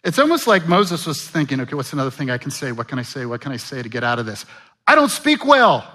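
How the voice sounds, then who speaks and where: A man's voice: mid-range voice, very fast. A man preaching a sermon, asking the congregation questions and acting out the voices of biblical figures. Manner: animated, acts out Bible voices, rhetorical questions. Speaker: pastor.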